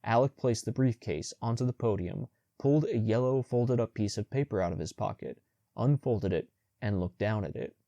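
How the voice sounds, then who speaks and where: A man narrating a young adult audiobook in the first person with steady, measured storytelling. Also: on the low side, dry recording.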